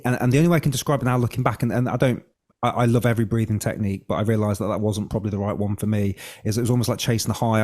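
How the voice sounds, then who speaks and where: A man's voice: lowish voice, darkish tone. A man, a breath coach, telling his story as a podcast guest, candid and casual, sometimes swearing and acting out his own past thoughts.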